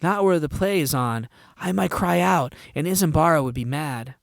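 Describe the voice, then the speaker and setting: A man's voice: fairly high pitch, normal speed, vocal fry, no echo, studio quality. A man voicing a shy, sly young girl in a fan audiobook reading, speaking meekly and coyly. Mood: coaxing. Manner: meek, coy and wheedling. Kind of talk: audiobook character voice.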